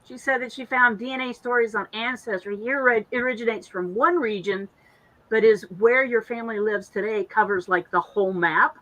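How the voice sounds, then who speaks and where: A woman's voice: a little high, normal speed, pushed and bright, rough recording. A woman co-hosting a casual online chat show, reading viewer comments aloud in a chatty way. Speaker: co-host.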